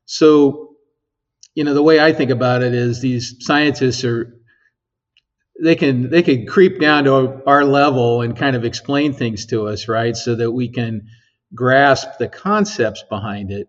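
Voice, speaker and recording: A man's voice: medium pitch, steady tone, a little slow. A man working as an engineer at a physics lab, explaining his work in a casual interview, rambling with many ums and tag questions. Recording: slightly dull lo-fi sound.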